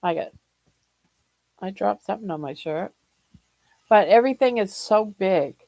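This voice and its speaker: An older woman from Ohio hosting a casual livestream chat, short of breath, talking in a slow, relaxed way and greeting viewers by name. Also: medium pitch, creaky, no room sound, low-quality recording. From Ohio, USA. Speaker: livestream host.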